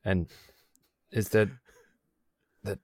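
Deep-voiced male player, dry sound. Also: flat delivery, very slow, no echo. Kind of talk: tabletop role-play.

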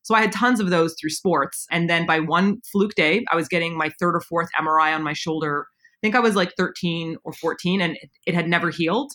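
Canadian-born woman in her 30s, chatty and candid, bright crisp voice, tells long stories. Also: lowish voice, fairly quick. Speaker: guest. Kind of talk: casual conversational interview.

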